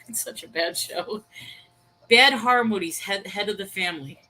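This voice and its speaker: Bright-voiced chatty woman on a call. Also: medium pitch, normal speed, low-quality recording. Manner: chatty, storytelling, laughs easily. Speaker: co-host. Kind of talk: casual chat. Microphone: video call.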